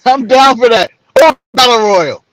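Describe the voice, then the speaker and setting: A man's voice: very high voice, a bit bright, no room sound, rough recording. A man co-hosting a casual wrestling recap show, joking and laughing often and trailing off mid-sentence. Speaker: co-host. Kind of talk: casual podcast chat.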